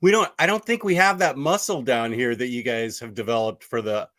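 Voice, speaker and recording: A man hosting a casual chat with a guest, laid-back and chuckling, with many fillers and pauses. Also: mid-range voice, fairly bright tone, a little hiss or hum. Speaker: host.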